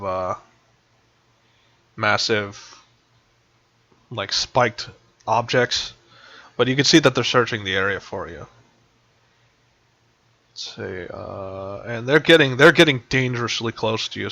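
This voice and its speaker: Male game master, bright, dry sound, rambles with fillers, dull voice-chat line. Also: lowish voice, takes it slowly, vocal fry, pauses often, dry recording. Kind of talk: narrating a tabletop game. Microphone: voice chat headset.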